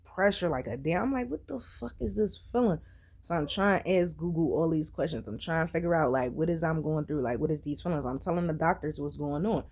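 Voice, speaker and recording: A woman with a notably low, deep voice tells her story to camera in a casual, blunt way. She swears constantly and gets animated as she talks. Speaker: vlogger telling her own health story; mother.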